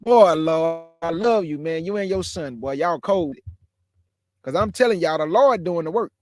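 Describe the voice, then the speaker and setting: This man's voice has a fairly high pitch and an animated quality, delivered at normal speed. He is in his forties and calls into an online religious discussion, giving a casual, emphatic preaching talk peppered with bro and y'all.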